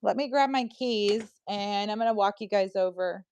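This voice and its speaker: A woman's voice: medium pitch, normal speed, darkish tone, clean tone, muffled recording. Chatty woman touring her backyard. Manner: chatty, scolds animals, talks to her pets. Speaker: vlogger. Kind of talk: casual walk-and-talk vlog. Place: outdoors in a backyard with animals.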